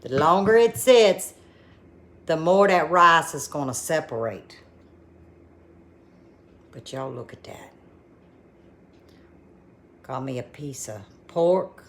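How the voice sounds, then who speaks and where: A woman's voice: deep voice, sing-song, slow pace, long pauses, fairly bright tone. A woman hosting a casual cooking vlog from her kitchen, folksy and full of exclamations. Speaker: cooking channel host.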